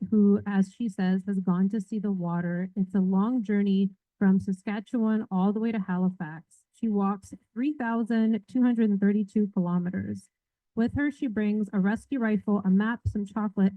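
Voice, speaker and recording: A woman librarian giving a casual, chatty book pitch to a live audience, talking informally and polling the crowd. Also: dry recording. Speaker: librarian defending a book in a debate. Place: public library event. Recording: dull, muffled dry audio.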